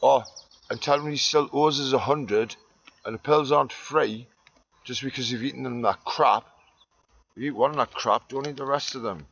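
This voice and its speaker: A man rambles through a profane monologue, muttering low and then ranting loud. The recording is dull and lo-fi. A faint hiss sits underneath. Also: moderate pace, vocal fry.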